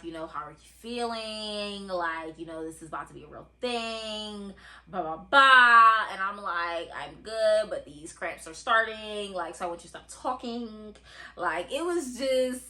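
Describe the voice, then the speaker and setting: A young woman telling a personal story in a casual, animated, chatty way, full of fillers. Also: mid-range voice. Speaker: podcast host.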